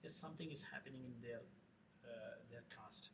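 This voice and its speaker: A middle-aged man, a film director talking in an interview, halting with many fillers and restarts. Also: medium pitch, creaky. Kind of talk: casual interview talk. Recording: distant mic with faint noise.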